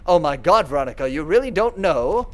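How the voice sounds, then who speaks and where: A man putting on a sobbing, shrill young woman. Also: very animated, brisk. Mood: tearful, accusing. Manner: tearful, shrill, pleading.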